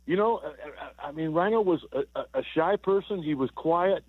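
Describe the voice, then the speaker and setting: A former baseball player in his sixties calls in to a sports radio show, telling rambling stories punctuated by repeated words and chuckles. His husky voice is on the high side, at a normal speed. The telephone line sounds tinny and dry, with no echo.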